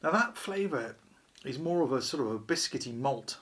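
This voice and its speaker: A man's voice: medium pitch, animated, moderate pace, fairly bright tone. A man hosting a casual beer review vlog, chatty and wry, poking fun at himself. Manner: chatty, wry, self-deprecating.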